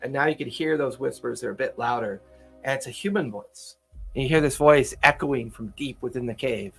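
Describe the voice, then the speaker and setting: A man running a tabletop game as game master, narrating in a relaxed, halting way with repeats. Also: medium pitch, creaky, breathy edge, faint music behind.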